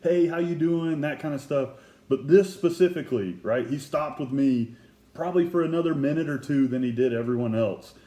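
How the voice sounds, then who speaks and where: A man telling autograph stories in casual chat, lively and eager as he describes each piece. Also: medium pitch, a little fast, roomy sound. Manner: animated storyteller who acts out quotes. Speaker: guest collector telling an autograph story.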